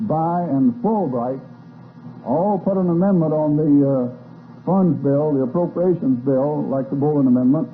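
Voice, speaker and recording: Older man, folksy lecture on old tape. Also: on the high side. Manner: folksy storyteller with wry asides. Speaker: speaker. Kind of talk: lecture to a live audience. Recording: tinny phone-like old tape with faint hiss.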